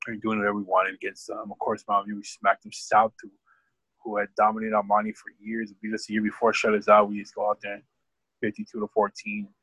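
A man telling a rambling, profane story about coaching high school football, speaking in a casual podcast chat. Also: completely flat delivery, fast talker, fairly bright tone, husky, no room sound, low-quality recording. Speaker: podcast guest.

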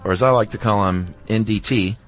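A man's voice: fairly low pitch, a little fast, faint music behind. A man co-hosting a podcast in casual chat, with wry, teasing banter. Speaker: podcast co-host.

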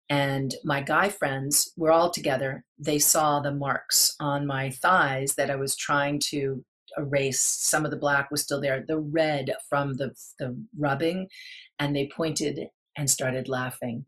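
A middle-aged woman with a low, fairly bright voice is a guest in an interview. She tells a personal story earnestly but haltingly, restarting many times.

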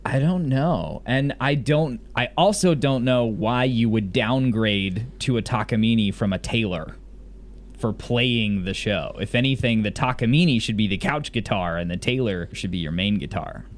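A man's voice: on the low side, measured pace. A man from the US South who has lost most of his accent, casually recapping a TV episode as a podcast co-host in a rambling, enthusiastic way. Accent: lost Southern US accent, mostly general American. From Mississippi, US South.

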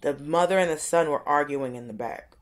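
A woman in her thirties co-hosting a casual comedic chat, an animated storyteller who acts out the voices of people in her stories. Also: low-pitched, brisk. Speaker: co-host.

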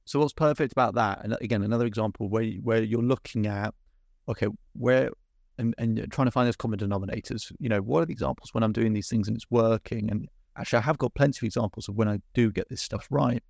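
Gravelly low-voiced male coach. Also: fast, a little mellow, dry recording, studio quality. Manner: encouraging, asks probing questions. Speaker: confidence coach. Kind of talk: coaching session.

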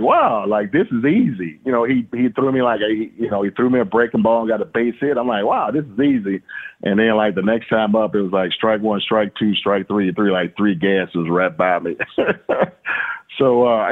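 A man, telling a rambling story as an interview guest. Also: fairly low pitch. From Louisiana. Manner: rambling, many restarts and "I was like" quotes. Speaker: guest, retired baseball player. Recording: tinny phone-line audio.

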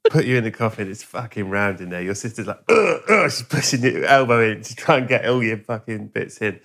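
A man hosts a podcast with a low, gravelly voice. He spins a deadpan, sweary comic story and drops to a hushed tone for the characters he acts out. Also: brisk. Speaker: podcast host.

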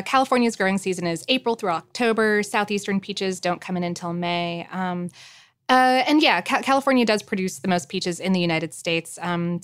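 A woman co-hosting a podcast in casual chat, reading out facts with lots of ums and gentle amusement. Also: medium pitch, no echo, clean studio sound. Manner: chatty, many fillers, gently amused. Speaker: podcast co-host.

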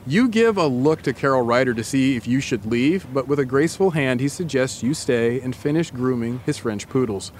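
Man, podcast host, dramatic second-person storytelling, medium pitch, faint background noise. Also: expressive, normal speed, hardly any pauses. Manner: dramatic, builds scenes.

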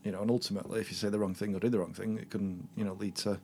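Measured low-voiced man. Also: little pitch movement, darkish tone, a little hiss or hum. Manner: measured, filler-heavy. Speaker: podcast guest. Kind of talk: casual chat.

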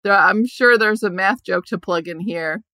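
A woman's voice: medium pitch, normal speed, bright, forceful tone, dry recording, studio quality. A young adult woman comedian chatting as a guest on a podcast, laughing often and rambling in a self-mocking way. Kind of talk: casual podcast chat.

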